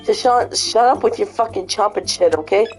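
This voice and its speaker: A woman hosting a casual vlog, cursing freely as she tells an animated story. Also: mid-range voice, moderate pace, faint music behind. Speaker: vlog host. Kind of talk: casual chat and retelling.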